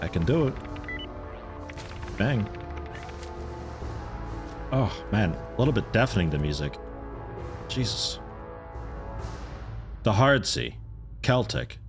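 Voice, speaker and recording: A man's voice: on the low side, very animated, slow, long pauses, over music. A young man giving rambling, laid-back let's play commentary, swearing and chuckling now and then. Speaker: streamer playing a video game.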